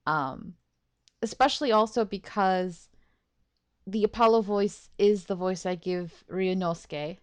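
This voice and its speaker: A woman's voice: medium pitch, animated, normal speed, dry recording. A woman doing casual let's play commentary, rambling and chatty, laughing at herself as she talks.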